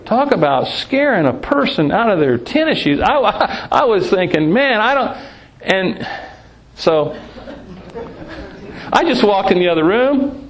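A man preaching, telling lively personal anecdotes about sharing his faith, laughing often and restarting phrases. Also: high-pitched, unhurried, low-quality recording. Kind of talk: sermon storytelling.

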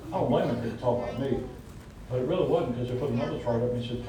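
A man's voice: rapid-fire, mellow. A man with a Southern US accent preaching a conversational sermon, folksy and emphatic, with joking asides. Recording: echoey hall from far off with faint rumble.

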